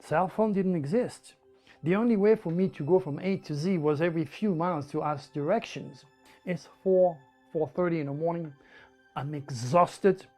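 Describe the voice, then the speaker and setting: A man from France with a French accent, telling a personal story in an animated, emphatic way. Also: on the high side, normal speed, soft background music. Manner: animated, emphatic, with repetitions and laughs.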